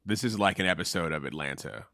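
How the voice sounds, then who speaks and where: Male podcast co-host, very deep but bright tone, halting amused chat, dry sound. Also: lively intonation, a little hiss or hum. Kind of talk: casual chat.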